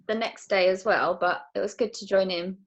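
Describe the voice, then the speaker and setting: A woman's voice: medium pitch, steady tone, moderate pace, dull audio. A woman in a fitness group chatting over a video call, teasing the coach. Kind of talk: casual video call chat.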